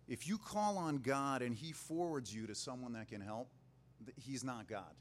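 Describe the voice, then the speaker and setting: A man's voice: medium pitch, lively intonation, moderate pace. A man preaching a sermon in a casual, joking way, retelling a Bible story. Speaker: pastor.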